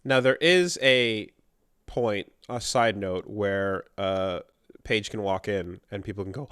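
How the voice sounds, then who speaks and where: Low-voiced man reading listener mail. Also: slow pace, clear, resonant tone, dry recording, studio quality. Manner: relaxed, reads letters aloud. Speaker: podcast co-host. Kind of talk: reading listener emails, casual chat.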